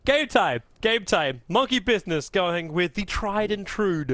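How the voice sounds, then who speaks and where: An Australian man casting a game, jokey and quick to laugh. His voice sits slightly high and is recorded dry and close. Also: lively intonation, fairly bright tone, no echo. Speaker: esports caster. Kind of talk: game commentary and banter.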